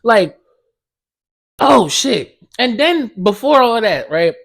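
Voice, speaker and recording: A man's voice: very high voice, very animated, slow pace, a bit bright. A man hosting a podcast, telling a heated, profane story and acting out both sides of the conversation. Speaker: podcast host. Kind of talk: casual ranting monologue.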